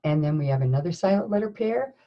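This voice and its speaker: A woman teacher leading a slow, encouraging phonics lesson, sounding out words letter by letter. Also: fairly low pitch, animated, muffled recording. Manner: encouraging, with praise and questions. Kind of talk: recorded classroom phonics lesson.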